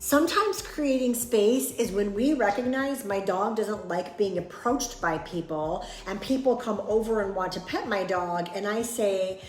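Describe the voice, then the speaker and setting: A woman's voice: mid-range voice, unhurried, hardly any pauses, echoey room. A woman dog trainer giving earnest, plain-spoken advice and acting out sample replies. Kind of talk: instructional talk to camera.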